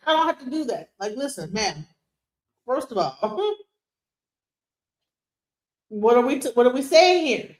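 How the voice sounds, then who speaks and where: A middle-aged woman streams live, reacting to a clip with a heated, profane rant full of rhetorical questions. Her voice is on the high side and very animated, a little slow, with long pauses, and the recording has a roomy echo.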